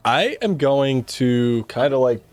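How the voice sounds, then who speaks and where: A man chats casually as a player in a tabletop game, with a lively, swinging pitch. His joking voice sounds dry and close, with no room sound. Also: slow pace, dry recording.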